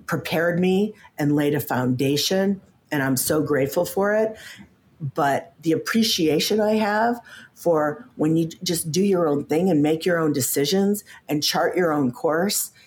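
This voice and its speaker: A woman in her fifties with a low, deep voice, chatting as an interview guest. She talks with energy and often repeats the first word while she finds her thought. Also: unhurried, slight background noise. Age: 50s. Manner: animated, stammers at starts, acts out quoted voices. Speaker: podcast guest, coach and author. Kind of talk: casual interview chat.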